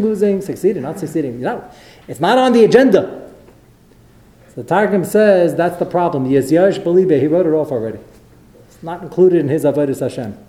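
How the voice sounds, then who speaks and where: Animated man giving a Torah lecture. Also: on the high side. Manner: animated storytelling with acted quotes. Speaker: rabbi. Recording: roomy echo.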